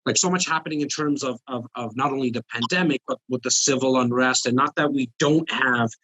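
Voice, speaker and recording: A man hosting a podcast, loud and energetic, often repeating words as he thinks. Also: medium pitch, fairly quick, dry recording, low-quality recording. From Canada. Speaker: podcast host. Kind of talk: casual podcast chat.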